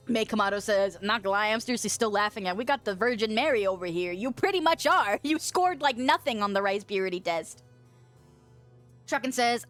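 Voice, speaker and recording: Young woman, fairly high voice, casual chat, giggly, reads chat aloud, mouth full of peanut butter, faint music behind. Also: fairly bright tone. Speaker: streamer reading chat.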